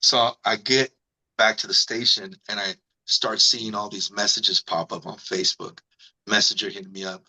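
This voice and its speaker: Man, radio personality guest, animated storyteller, bright forceful voice, casual fillers. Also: brisk, rough recording. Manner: animated, acts out quotes in higher voice; fillers like "you know", "man". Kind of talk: storytelling interview.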